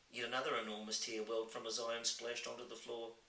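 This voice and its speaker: Man reading a storybook aloud, bright and roomy. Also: medium pitch, monotone, fast talker, gravelly. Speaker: reader. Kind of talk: reading a children's novel aloud. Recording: roomy, distant mic, faint hiss.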